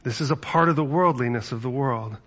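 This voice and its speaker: A man's voice: mid-range voice, fairly quick, fairly bright tone, muffled recording. A man giving a conversational sermon as pastor, telling stories and acting out quotes. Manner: conversational, storytelling with acted-out quotes.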